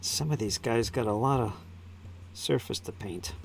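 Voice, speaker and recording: A man's voice: mid-range voice, moderate pace, creaky, soft background music. A man hosting a live stream, chatting casually and muttering to himself while he paints miniatures. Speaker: channel host painting miniatures.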